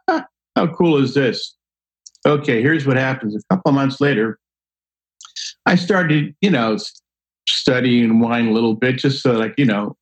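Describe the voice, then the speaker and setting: Older guy telling a story, lively, does little voices for people, mid pitch. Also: lo-fi sound. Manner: animated, acts out quoted voices, laughs often. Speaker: guest storyteller. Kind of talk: casual anecdotal storytelling.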